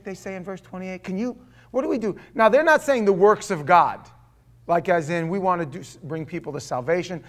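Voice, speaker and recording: A man in his forties preaching a sermon, animated, swinging from loud exclamations to hushed asides and acting out quotes. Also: high-pitched, a little fast. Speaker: pastor.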